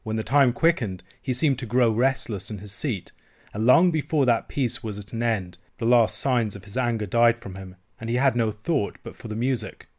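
A man narrating a classic novel as an audiobook reader, with steady, measured reading. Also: mid-range voice. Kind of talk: scripted narration.

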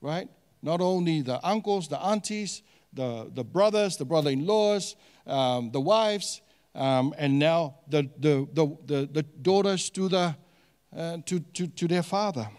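A man preaching a sermon as a pastor, animated and questioning his congregation, with many fillers and restarts. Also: fairly high pitch, unhurried, smooth, in a large hall.

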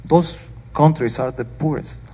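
An older man preaches a sermon, reading scripture and dropping in plain, earnest asides. His voice is husky and his delivery unhurried. The sound carries the long reverb of a church hall. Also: on the high side, dark tone. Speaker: pastor. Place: church sanctuary.

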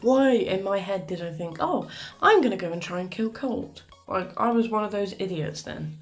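A woman's voice: medium pitch, animated, normal speed, faint music behind. A woman giving chatty, exasperated commentary over a game she is playing, with plenty of mild swearing. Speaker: gaming commentator. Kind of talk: live gameplay commentary.

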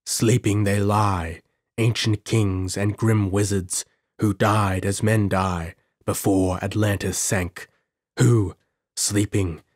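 A man voicing an ancient, proud male sorcerer in an audiobook, speaking in slow, solemn pronouncements. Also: lowish voice, dry recording, studio quality. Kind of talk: audiobook character reading.

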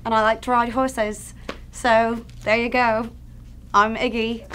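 A breezy young female rapper with an Australian twang drawls offhandedly, as a woman puts her on. The voice is high and bright. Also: flat delivery, slow pace, a little hiss or hum.

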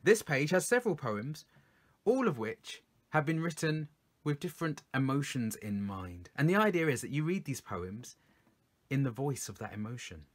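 A poet reading his poems aloud for children, explaining them in an encouraging way. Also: medium pitch. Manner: lively, encouraging, explains slowly.

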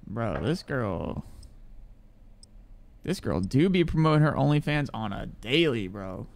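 A man's voice: medium pitch, very animated, unhurried, vocal fry. A young man swearing and rambling through casual commentary as he plays a game. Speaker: game streamer.

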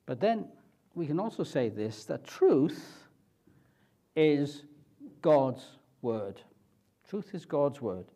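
Man preaching a sermon, slightly higher voice, slow and measured. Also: big pitch swings, dark tone. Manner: slow, deliberate preaching with rhetorical questions.

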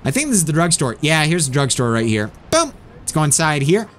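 Animated man doing game commentary. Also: a little high, brisk, faint music behind. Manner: animated, self-mocking, laughs often. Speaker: gaming channel host. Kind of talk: let's play commentary.

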